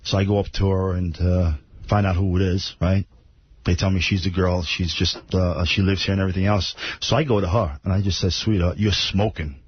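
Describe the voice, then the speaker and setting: A man telling a bawdy anecdote in a slow, blunt storytelling manner, played as an archive clip. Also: deep voice, little pitch movement, husky, no room sound, highs cut off.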